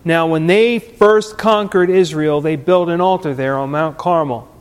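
Brief: male preacher, high voice, slow deliberate delivery, dramatic sermon, hall reverb. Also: clear, resonant tone. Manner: dramatic, storytelling, swings loud and soft.

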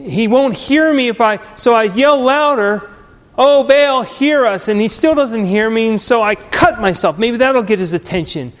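A man voicing a desperate male worshipper pleading louder and louder, in a reverberant hall. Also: extremely high pitch, moderate pace, few pauses. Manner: pleading, rising to a shout.

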